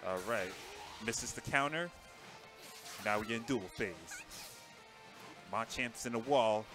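A man giving live, casual commentary on a fighting game tournament, excitable and chatty, jumping between loud outbursts and low mutters. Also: takes it slowly, music in the background.

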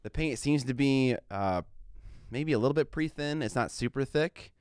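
A man's voice: mid-range voice, normal speed, darkish tone, clean tone, dry recording, clean studio sound. A man co-hosting a casual podcast, rambling with lots of fillers and restarts. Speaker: podcast co-host.

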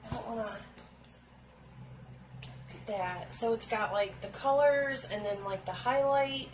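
A woman's voice: fairly high pitch, a little slow, slight background noise, low-quality recording. A woman vlogger unboxing makeup on camera at home, gushing and exclaiming to her viewers. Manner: gushing, exclaims often, talks to viewers directly. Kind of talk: casual unboxing chat to camera. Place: indoors at home, seated on a stool.

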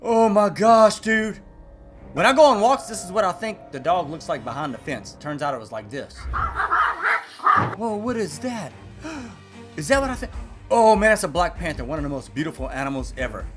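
A man hosting a reaction video, cracking quick jokes with sudden loud exclamations. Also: high-pitched, sing-song, faint music behind. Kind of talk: jokey reaction commentary.

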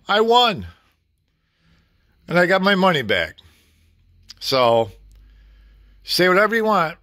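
A man's voice: a little high, pushed and bright, no room sound, studio quality. A middle-aged man venting in a blunt, casual vlog rant, swearing freely and talking to the camera. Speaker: vlogger.

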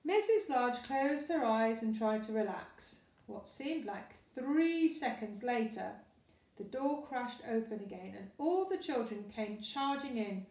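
A woman with a fairly high voice reads a children's storybook aloud, lively and expressive. The recording has a roomy echo, with the mic some way off. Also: a little slow, far from the mic. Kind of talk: storybook reading.

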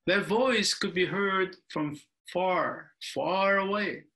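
An older male minister reads a picture book aloud at a slow, unhurried pace. His voice is bright and a little high, and he pauses now and then to explain the story. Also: rough recording. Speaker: Buddhist minister. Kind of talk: reading a picture book within a sermon.

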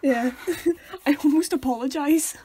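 Chatty young woman, quite high voice. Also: measured pace, mellow, a little hiss or hum. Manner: chatty, sets scenes and teases, laughing often. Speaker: podcast co-host. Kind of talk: casual chat.

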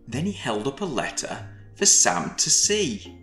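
Slow, expressive man reading a storybook. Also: on the low side. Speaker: storybook reader. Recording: echoey room. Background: faint background music.

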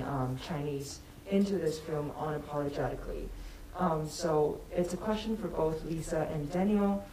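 A woman in the audience asking a question, hesitant, with many pauses and fillers. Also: sits low. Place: auditorium at a screening event. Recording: echoey hall from far off, audience murmur.

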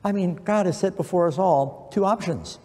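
A man's voice: high-pitched, moderate pace, mellow. A middle-aged man preaching an earnest sermon, quoting scripture with emphasis. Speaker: pastor. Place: church. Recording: long church reverb.

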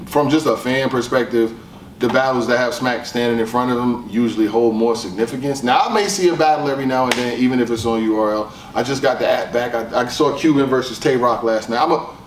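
A man's voice: mid-range voice, fairly quick. A man casually giving his opinions on battle rap, rambling and laughing often as he talks. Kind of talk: casual talk commentary. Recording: roomy echo, distant mic, faint noise.

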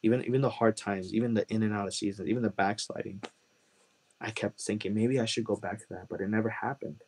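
A man's voice: fairly low pitch, fairly even intonation, quick pace, a little mellow, breathy edge. A man from Chicago, a guest telling an emotional personal testimony in an earnest way and repeating phrases for emphasis. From Chicago, USA.

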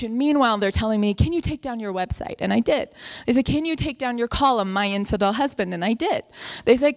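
A young woman telling a funny story live, acting out her family members' voices. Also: high-pitched.

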